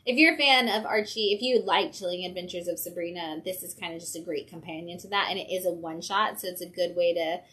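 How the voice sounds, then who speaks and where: A woman's voice: fairly low pitch, quick pace, hardly any pauses, fairly bright tone, husky. Chatty woman co-hosting a comics stream. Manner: enthusiastic, chatty. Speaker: co-host of a comics livestream. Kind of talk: casual chat. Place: comic book shop.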